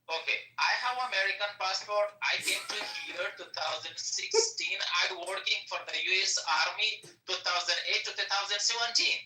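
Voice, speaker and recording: Non-native English-speaking man, defensive, halting, bright tone, distant and echoey phone audio. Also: high voice, faint music behind. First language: not English. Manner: halting, repetitive, defensive, heavy filler words. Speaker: call-in speaker on an audio-app stage. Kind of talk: heated debate.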